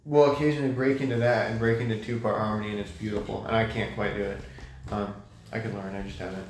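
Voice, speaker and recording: A young man of ordinary pitch talks things through slowly, pausing and restarting as he searches for words. His voice rings a little off the walls of a roomy space, with a faint hiss underneath. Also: level tone. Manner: thoughtful, halting, many fillers and restarts. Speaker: guest. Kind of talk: casual conversation. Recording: echoey room.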